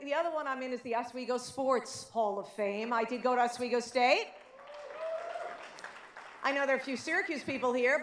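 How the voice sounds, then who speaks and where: A middle-aged woman with a light New York accent delivers a chatty acceptance speech, full of fillers and self-deprecating asides. Her voice sits fairly high, and it rings out through an echoey banquet hall. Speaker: award inductee giving a speech.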